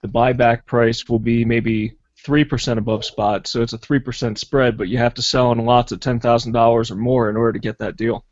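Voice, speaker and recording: A man on a panel in a casual online hangout, explaining costs and strategy in a steady, practical way. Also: mid-range voice, fairly quick, few pauses, no echo. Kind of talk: casual live hangout chat. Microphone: video call. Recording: dry, dull lo-fi call audio.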